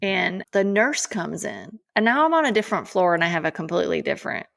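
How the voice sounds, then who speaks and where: A woman in her forties, a podcast co-host, telling a personal story in an emphatic, animated way. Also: lowish voice, brisk, creaky.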